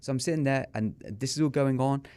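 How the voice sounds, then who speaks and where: Here the English podcast guest, a middle-aged man with an English accent who owns a small business, speaks fast at a medium pitch, sounding smooth and a little mellow. His interview storytelling is candid and earnest, openly confessional, with remembered exchanges acted out.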